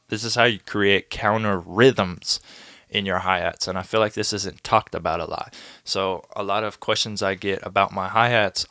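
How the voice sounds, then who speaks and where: A man producing music and talking through a tutorial in a relaxed, casual way, sometimes vocalizing drum rhythms. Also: low voice, no echo, studio quality. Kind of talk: casual screen-recorded tutorial. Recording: music playing behind the voice. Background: beat music playing.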